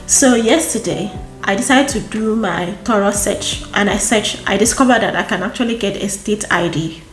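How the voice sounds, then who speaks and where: A woman from Nigeria with a Nigerian accent, chatting casually to camera as a vlogger, expressive and exclamatory, repeating phrases for emphasis. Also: mid-range voice, measured pace. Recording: roomy echo with faint background music.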